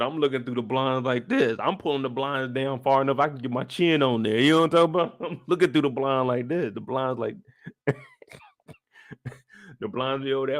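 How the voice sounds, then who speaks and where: Animated man telling a profane story. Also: mid-range voice, dry recording. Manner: animated, profane storytelling with sound effects and acted-out voices. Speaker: show host. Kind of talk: live after-show recap.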